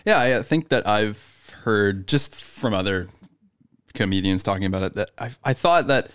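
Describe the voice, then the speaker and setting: A man hosting a podcast, chatting and asking questions in a casual way, quick to apologize. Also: fairly low pitch, a bit bright, clean tone. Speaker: podcast host.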